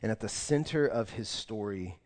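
A man's voice: fairly low pitch, animated, normal speed, a little mellow. A young man preaching a sermon in a church, telling a story casually and then turning earnest. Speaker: pastor. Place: church sanctuary. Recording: long reverb of a large church room.

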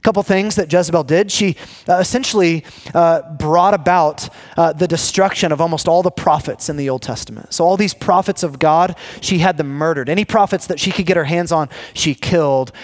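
A man preaching a sermon, telling the story with animated energy, restarting and repeating words, and dropping low and quiet when he reads scripture. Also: a little fast. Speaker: pastor teaching a sermon series.

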